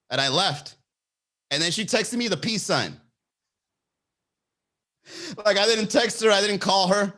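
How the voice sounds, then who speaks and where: A young man hosting a comedy podcast, telling a dating story with lots of swearing and high-pitched impressions. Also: measured pace, pauses often. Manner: animated, swearing, acts out voices in a high pitch. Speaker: podcast host.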